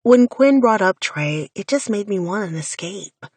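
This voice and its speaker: A woman's voice: medium pitch, animated, unhurried, darkish tone, breathy edge, dry recording. A woman narrating a first-person romance audiobook in an intimate, wry inner-monologue voice, recorded close on a studio mic.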